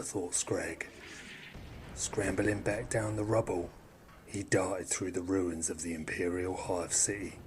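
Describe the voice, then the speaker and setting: A man narrating an audio drama in measured storytelling, with some hushed, whispery passages. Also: low-pitched, background noise.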